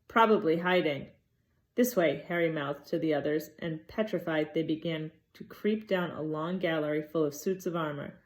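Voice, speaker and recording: A woman reading a novel aloud in an expressive, dramatic way. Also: low voice, normal speed, hardly any pauses. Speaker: reader.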